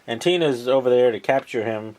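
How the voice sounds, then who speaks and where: A man's voice: mid-range voice, brisk, a little mellow. A man casually retelling a film plot, rambling with lots of ums and uhs and the odd swear word. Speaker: vlogger.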